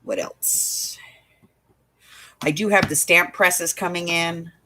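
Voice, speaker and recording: A woman's voice: on the low side, steady tone, slow, bright, forceful tone, a little hiss or hum. A woman running a craft shop, telling a story in casual chat, with exasperated asides. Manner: chatty storytelling, exasperated asides, laughs often.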